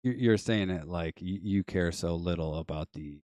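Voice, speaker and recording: Deep-voiced laid-back stream host. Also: male voice, moderate pace, mellow, dry recording. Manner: laid-back, reads chat and banters with callers. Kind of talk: casual live stream chat.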